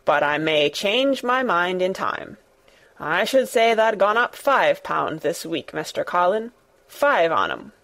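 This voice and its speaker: Lady reading as crusty old gardener, hoarse and blunt, slow. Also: lowish voice, very animated, a bit bright, heavily acted. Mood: gruff. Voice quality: hoarse, rough dialect. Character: gruff old Yorkshire gardener, man.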